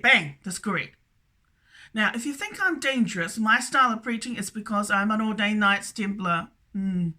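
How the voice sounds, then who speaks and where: A woman's voice: mid-range voice, normal speed, pushed and bright. A woman rambling through a solo video monologue, stammering and repeating herself, with a habit of tagging "that's correct" onto her statements. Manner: repetitive, stammering, keeps saying "that's correct". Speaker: video blogger.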